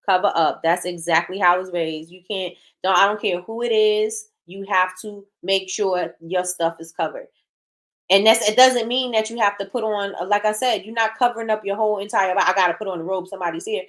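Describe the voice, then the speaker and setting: A woman talks bluntly as a show host, hammering home her points by saying them again and again. Her pitch sits in an ordinary middle range. She is casual and direct and reacts to viewer comments as she goes. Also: normal speed, fairly bright tone. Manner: emphatic, repeats phrases for emphasis; frank and blunt. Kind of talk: casual opinion talk, reading live chat.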